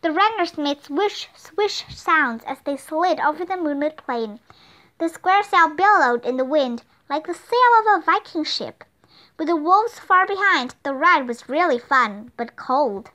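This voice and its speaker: A woman reads a children's book aloud, narrating with expression at an even pace. Her voice is high and bright. Her pitch rises and falls in a lively way. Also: measured pace. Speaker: storyteller.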